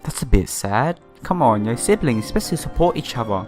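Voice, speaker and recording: Casual male gaming host, rambling reactions, middle-pitched voice, faint music bed. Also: big pitch swings, fairly quick, few pauses. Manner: loose, chatty, heavy on "like". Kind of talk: casual visual novel playthrough commentary.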